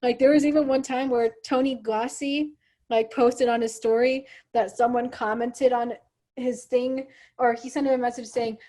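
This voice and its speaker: A woman's voice: a little high, level tone, normal speed, warm tone. A young woman hosting a casual chat over a video call, upbeat and chatty, leaning on "like" and "you know". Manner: chatty and upbeat, heavy use of "like".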